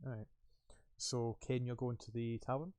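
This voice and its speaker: A man's voice: medium pitch, little pitch movement, moderate pace, a little mellow, no room sound. A man in the game master's seat, describing scenes in a loose, rambling way full of fillers. His voice sits in the middle range and the recording is dry and close. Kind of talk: narrating a tabletop game.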